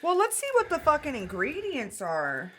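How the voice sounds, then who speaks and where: A woman co-hosting a podcast in casual chat, animated and swearing freely, with lots of fillers. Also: high-pitched, moderate pace. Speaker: podcast co-host.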